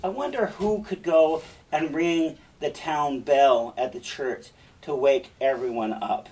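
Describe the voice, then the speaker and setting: A male teacher walks students through a play in a relaxed, chatty way, dropping asides to them. His voice sits back from the microphone in a mid-range pitch. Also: slow, distant mic, poor audio. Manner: casual, chatty explaining with asides.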